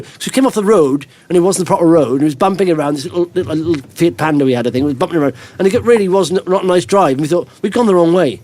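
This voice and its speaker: A man's voice: fairly high pitch, darkish tone. A middle-aged man hosting a podcast, telling rambling anecdotes in casual chat and chuckling often. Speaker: podcast host.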